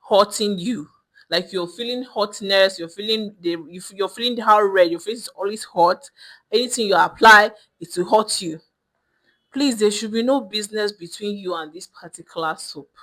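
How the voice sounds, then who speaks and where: A woman's voice: mid-range voice, a bit bright. A young woman skincare vlogger speaking straight to camera, emphatic and lecturing, repeating her points with frequent restarts. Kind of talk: direct-to-camera skincare advice.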